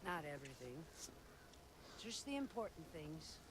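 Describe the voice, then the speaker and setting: A woman voicing a calm, cryptic blind oracle who leads beggars, speaking slowly and solemnly in a video game cutscene. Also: low voice. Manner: slow, solemn, riddling. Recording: game audio with background noise.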